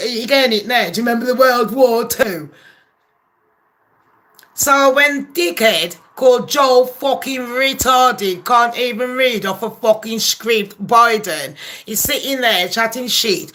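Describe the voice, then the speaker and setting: An English channel host with a mid-range, pushed and bright voice rants angrily about politics to camera at an unhurried pace. He swears constantly and fires off rhetorical questions in a profane political tirade.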